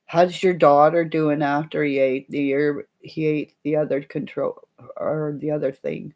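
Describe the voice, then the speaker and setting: A woman's voice: sits low, little pitch movement, a little slow, darkish tone. A middle-aged woman, chatting casually and rambling as she hosts a live stream for viewers, laughing often along the way. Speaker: livestream host.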